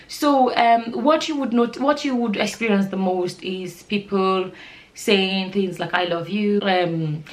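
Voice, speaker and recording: A woman vlogger speaks straight to her camera in a casual, earnest way. Her voice sits at an ordinary middle pitch. She rambles with plenty of fillers and restarts. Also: a bit bright. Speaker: nurse and vlogger. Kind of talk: casual vlog talk to camera.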